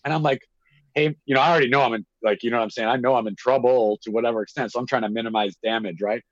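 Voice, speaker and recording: In a close, dry recording with no echo and slightly dull highs, a man at an ordinary pitch races through a long, rambling story as a guest in casual conversation. He's animated and swears freely without hesitating.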